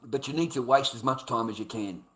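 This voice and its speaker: Aussie bloke ranting to camera, swears a lot, says everything twice, mid pitch voice. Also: male voice, brisk, a bit bright, low-quality recording. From Australia. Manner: blunt and heavily profane, repeats himself for emphasis. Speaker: vlogger. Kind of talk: casual ranting monologue.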